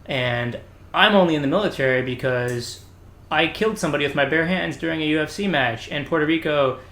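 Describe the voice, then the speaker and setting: A man imitating a boastful young male sailor who spins tall tales and delivers them flatly, as plain fact. The voice sits slightly raised, and it is caught in an echoey room with a faint background hiss. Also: a little high, fairly quick. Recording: roomy room echo, faint background noise.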